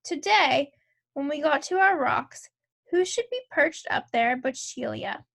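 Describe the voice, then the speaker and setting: Woman narrator, children's book read aloud, high voice, unhurried. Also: animated, a bit bright. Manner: clear, measured storytelling. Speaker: narrator reading a children's novel.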